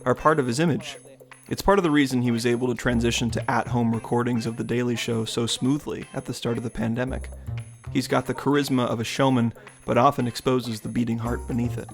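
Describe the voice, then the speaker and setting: A man reads a scripted essay in a measured, analytical way. His voice sits at a middle pitch, and soft music plays beneath it. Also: fairly even intonation. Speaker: video essay narrator. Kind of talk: scripted narration.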